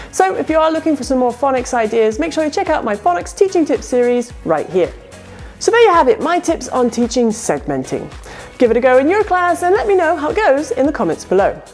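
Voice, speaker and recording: A bright, high-voiced woman explains classroom games in a lively, sing-song way. She sounds out letters clearly, like an ESL teacher. Faint music plays behind her. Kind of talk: instructional video narration.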